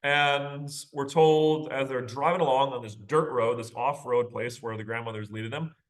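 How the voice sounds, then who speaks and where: A man's voice: medium pitch, fairly even intonation, moderate pace, poor audio. A man teaching a literature class, reading passages aloud and discussing them casually, with frequent rhetorical questions and tag questions.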